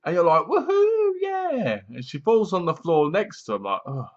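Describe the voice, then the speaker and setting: Seated in a squeaky chair in a room at home, a man gives a casual, rambling film review, acting out lines from scenes and bursting into laughter. His voice is a little high, very animated and fairly quick. The recording is a dull lo-fi home one.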